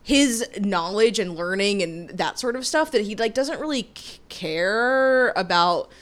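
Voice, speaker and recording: Lively, animated woman podcast co-host. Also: medium pitch. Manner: lively, quick to laugh, hesitant restarts. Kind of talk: casual film-review chat.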